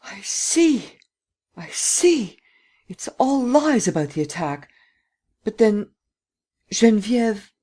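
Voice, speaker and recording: A man voicing a tearful, anxious old woman who protects her granddaughter, pleading in a high, trembling voice, in an audiobook reading. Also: sing-song, slow, pauses often, mellow, breathy edge, exaggerated voice. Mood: dismayed.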